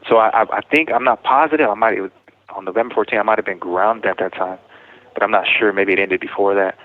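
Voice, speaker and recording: A man with a fairly low voice talks fast. He tells his story in a rambling way, keeps correcting himself and acts out the back-and-forth. The sound is thin, like a phone line. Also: fairly even intonation. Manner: rambling, self-correcting, retells dialogue. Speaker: interviewee telling his story. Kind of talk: personal account in casual talk.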